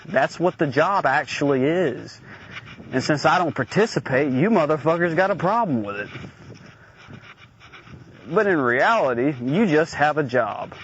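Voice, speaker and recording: A man's voice: a little high, expressive, measured pace, pauses often, a bit bright. A man venting in a blunt, profane, aggrieved personal audio diary rant. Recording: dull lo-fi recording with faint noise.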